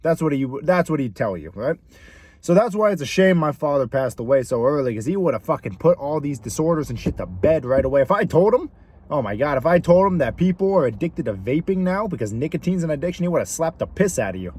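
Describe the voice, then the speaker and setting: A man's voice: a little high, very animated, fast talker, a little mellow, a little hiss or hum. A young man delivering a blunt, profane comedic rant straight to camera, firing off mocking rhetorical questions. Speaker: vlogger.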